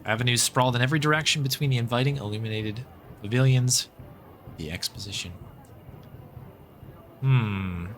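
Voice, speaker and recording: A man's voice: mid-range voice, normal speed, pauses often, a little hiss or hum. An American man streaming a story game, reading its narration aloud with casual, chatty asides and thanking viewers.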